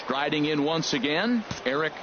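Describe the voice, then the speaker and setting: A man calls baseball play by play in a brisk, crisp voice pitched a little high. The sound is muffled, with steady background noise behind him. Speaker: play-by-play announcer. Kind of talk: video game baseball play-by-play.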